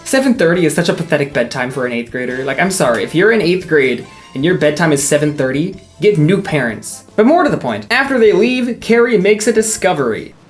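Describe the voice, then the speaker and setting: A woman's voice: deep voice, very animated, brisk, hardly any pauses, faint music behind. A young woman narrating a scripted recap of a TV episode with dry, sarcastic asides. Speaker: YouTube commentator.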